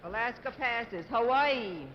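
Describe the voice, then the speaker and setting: A woman's voice: fairly high pitch, lively intonation, takes it slowly. A woman chairing a convention roll call, formally calling out states and reading each vote back. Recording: muffled old TV broadcast, faint hiss.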